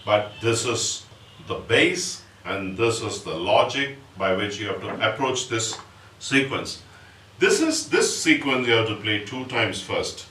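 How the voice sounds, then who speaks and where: A man with an Indian English accent teaching percussion, explaining step by step and reciting drum syllables slowly. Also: lowish voice, animated, sharp tone. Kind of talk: music lesson with spoken rhythm syllables. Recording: roomy, distant mic, audible background noise.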